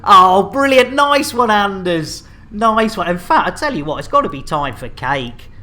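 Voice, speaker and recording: A woman's voice: lowish voice, big pitch swings, normal speed, fairly bright tone. A woman hosting a game live stream, chatting cheekily with her viewers and joking. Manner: cheeky, joking, playful banter with chat. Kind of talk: lively live-stream chat.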